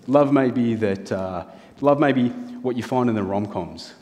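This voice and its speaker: Preacher in a reverberant hall. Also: male voice, mid-range voice, normal speed, a little mellow, lo-fi sound. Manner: earnest, building through rhetorical lists and questions. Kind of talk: sermon. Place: church hall. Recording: long reverb of a large hall.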